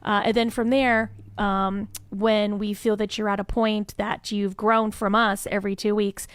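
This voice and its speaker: A woman talks through her program with a chatty, upbeat energy, leaning on "um" and "you know" as she goes. Her voice is smooth and clear, recorded dry with almost no room sound. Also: mid-range voice, flat delivery, measured pace, no room sound. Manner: chatty and enthusiastic, frequent "um, you know" fillers. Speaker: incubator staff member, interview guest. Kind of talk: conversational interview answer.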